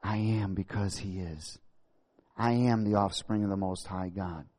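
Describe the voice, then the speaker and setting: A man's voice: low voice, fairly even intonation, measured pace, darkish tone. A male pastor preaching and reading scripture aloud, exclaiming and laughing often. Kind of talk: sermon.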